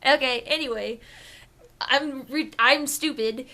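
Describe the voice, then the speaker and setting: Bright-voiced goofy young woman. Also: a little high, animated, normal speed. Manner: goofy, rambling, self-mocking. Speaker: podcast co-host. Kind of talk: casual chat.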